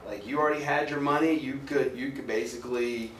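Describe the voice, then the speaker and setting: A man's voice: mid-range voice, steady tone, a little fast, recorded from a distance, background noise. Chatty man lecturing in an echoey hall. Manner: chatty, jokey, asks the class questions. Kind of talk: classroom lecture with student discussion.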